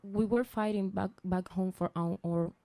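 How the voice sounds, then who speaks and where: A woman giving halting personal testimony as a guest speaker, searching for words with many restarts. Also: medium pitch, steady tone, warm tone, no room sound.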